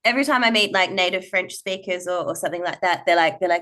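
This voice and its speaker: A woman's voice: mid-range voice, fast talker. A woman from Perth, a guest on a podcast, telling stories playfully and acting out little quotes with frequent laughs. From Perth, Australia. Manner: playful, animated storyteller who acts out quotes and laughs often. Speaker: burlesque performer, podcast guest. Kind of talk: casual interview chat.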